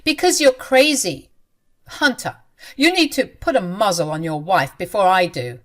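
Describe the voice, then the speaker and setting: A woman voicing a hostile, sharp-tongued older mother-in-law. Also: a little high, wildly swooping pitch, brisk, pitched above the performer's own voice. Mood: indignant. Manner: sharp, indignant.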